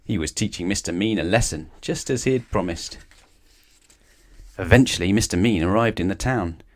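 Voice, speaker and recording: A man with a fairly low voice reads a children's bedtime story aloud. He tells it in a lively, expressive way, shifting his voice as the story goes. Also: normal speed. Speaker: storybook reader.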